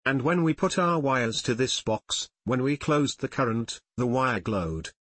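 A man narrating an audiobook in a measured, solemn reading voice. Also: medium pitch, animated, a bit bright, slightly rough, no room sound. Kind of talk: scripted narration.

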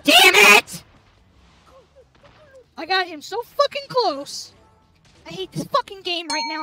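A woman's voice: extremely high pitch, sing-song, takes it slowly, pauses often, pushed and bright, soft background music. A woman gamer doing let's play commentary, furious and swearing constantly at the game.

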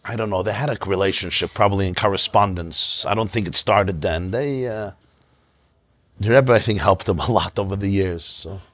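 Husky man teaching an informal class. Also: low-pitched, moderate pace, no room sound. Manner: conversational, storytelling, animated asides. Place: synagogue.

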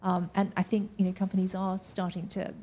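A woman's voice: mid-range voice, level tone, a little fast, warm tone, slightly rough. A woman answering on a discussion panel, hesitant, with many "you know" fillers and restarts. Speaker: panel speaker.

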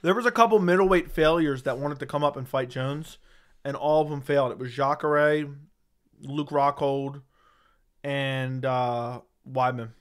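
A man's voice: medium pitch, fairly even intonation, measured pace. A man hosting a casual livestream, reading viewer chat aloud and giving blunt, sarcastic, slangy replies into a studio microphone.

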